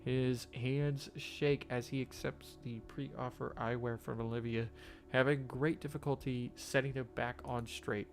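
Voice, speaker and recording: A man reading a game's story text aloud, slow and halting, with faint game music behind him. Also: medium pitch, little pitch movement. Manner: shouts profanity at a game character; reads narration quietly and haltingly. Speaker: gamer reading a visual novel aloud.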